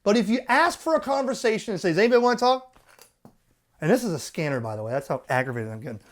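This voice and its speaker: A man hosting a ham radio channel, ranting in an animated, exasperated and profane way. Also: a little high, very fast. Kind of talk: ranting commentary.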